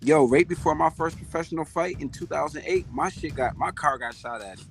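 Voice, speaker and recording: Laid-back boxer guest, laughs easily. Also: male voice, on the high side, fairly quick, soft background music. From Rochester, New York. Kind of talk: casual podcast interview.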